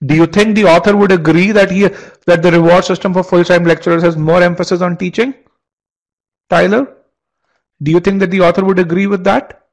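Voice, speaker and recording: A man's voice: sits high, steady tone, a little fast, rough recording. A man teaching a live online test-prep webinar, asking the class questions and restarting phrases with repeated words.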